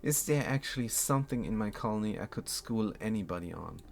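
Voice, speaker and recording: With a darkish, low voice and some vocal fry, a German man streams his game, sounding animated and a little fast. He stays laid-back, reading chat messages aloud and often chuckling.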